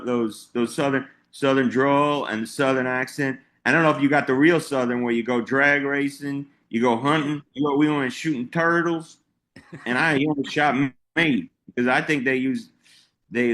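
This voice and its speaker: A man's voice: medium pitch, fairly bright tone. A man who is a comedian guest in a casual interview, rambling and laughing through his banter.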